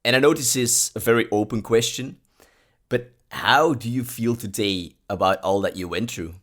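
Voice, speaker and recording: A man hosting a podcast interview, asking reflective questions in a soft-spoken way. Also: lowish voice, normal speed. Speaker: podcast host.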